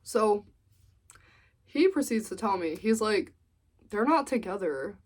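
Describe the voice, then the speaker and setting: A young woman tells a storytime vlog in a slow, mid-range voice. She narrates in an animated way, acting out what people said.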